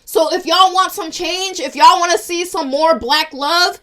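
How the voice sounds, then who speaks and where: A woman's voice: extremely high pitch, steady tone, a little slow, sharp tone. A young woman ranting in a casual vlog, emotional and frustrated as she talks to her followers. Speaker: social media commentator.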